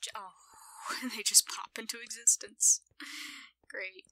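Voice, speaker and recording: A woman quietly commenting on her own gameplay, often in a whisper and talking playfully to herself. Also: a little high, fairly even intonation, slow pace, rough recording. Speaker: gaming channel host.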